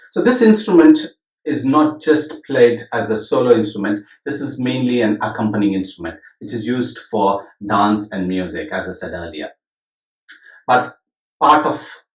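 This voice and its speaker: A man's voice: fairly low pitch, recorded from a distance. A middle-aged man teaching percussion, counting beats aloud and reciting drum syllables in rhythm. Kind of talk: demonstrating rhythm lesson. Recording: roomy echo with drum music.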